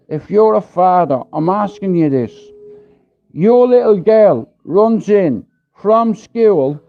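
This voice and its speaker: Irish guy ranting on his livestream, kinda high voice, swears a lot, goes off on tangents. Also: gravelly. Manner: blunt, profane, rambling. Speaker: livestream host. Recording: dull lo-fi stream audio.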